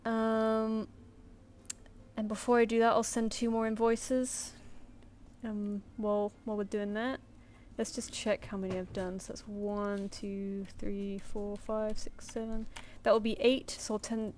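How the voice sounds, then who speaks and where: A woman's voice: medium pitch, flat delivery, moderate pace, a little mellow. Chatty woman streaming her art. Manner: chatty, mutters and counts under her breath. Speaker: artist streamer. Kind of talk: casual live-stream chat while drawing.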